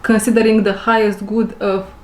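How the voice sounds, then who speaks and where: A woman of middle pitch gives an unhurried spiritual reading, repeating her phrases as she feels for the right words. English is not her first language. She is recorded on a camera mic in an echoey room. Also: level tone. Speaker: intuitive reader.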